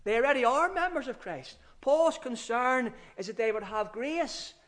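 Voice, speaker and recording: A man preaching a sermon, slow and emphatic, often repeating his key phrases and letting his voice drop low at the ends of phrases. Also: animated, fairly bright tone.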